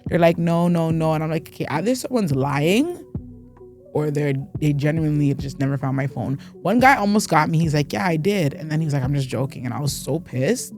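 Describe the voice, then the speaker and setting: Animated young woman telling a story. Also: a little fast, faint music behind. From Canada. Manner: animated storyteller who acts out quotes with big pitch jumps. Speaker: host. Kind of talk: casual storytelling recap.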